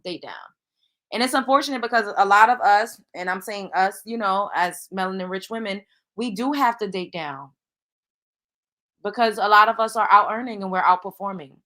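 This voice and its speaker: Bright-voiced congested woman livestream host. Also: mid-range voice. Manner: conversational, talking to chat viewers. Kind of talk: casual livestream chat.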